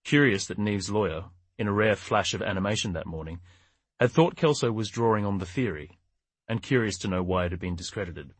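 A man narrating a crime novel audiobook in a steady, measured way. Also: on the low side, no echo. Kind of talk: scripted narration.

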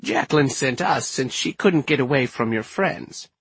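A man's voice: medium pitch, lively intonation, normal speed, husky, dry recording, pitched above the performer's own voice. A man doing a feisty, bossy old witch woman. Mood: gruff, scornful. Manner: scornful, bossy.

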